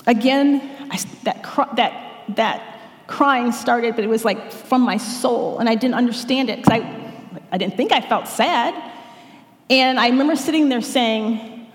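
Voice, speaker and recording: A woman's voice: fairly high pitch, measured pace. A woman sharing an earnest church testimony, breaking off and restarting now and then, with prayers quoted along the way. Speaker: speaker giving a testimony. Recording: echoey hall, long reverb.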